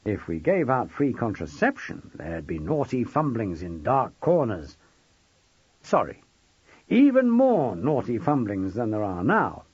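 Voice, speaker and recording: A man's voice: medium pitch, huge pitch swings, measured pace, a little mellow, slightly rough, no echo, exaggerated voice. A man reading an audiobook, voicing a witty, commanding middle-aged schoolmaster who lectures with sardonic, theatrical flair. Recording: dull dry close recording.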